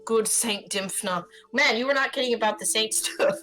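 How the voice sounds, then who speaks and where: A woman streamer reading a story game aloud with expressive commentary and swearing. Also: a little high, soft background music, rough recording. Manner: expressive, swearing, quick reactions.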